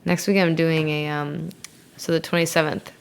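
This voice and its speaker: Woman, interview guest, low gravelly voice, rambling chatty delivery. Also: little pitch movement, normal speed. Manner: rambling, filler-heavy, giggly. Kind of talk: casual chat.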